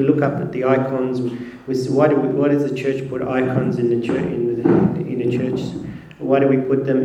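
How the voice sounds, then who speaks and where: A man, a priest, giving a sermon in a halting way with many fillers and restarts. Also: mid-range voice, mellow. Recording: distant mic in an echoey room.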